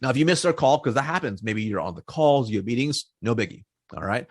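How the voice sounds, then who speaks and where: Male sales coach, husky mid-range voice, dry close recording, plain direct delivery. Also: medium pitch, lively intonation, fast talker, dry recording. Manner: direct, repeats points, many okays and all rights. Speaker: sales trainer. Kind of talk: casual teaching to camera.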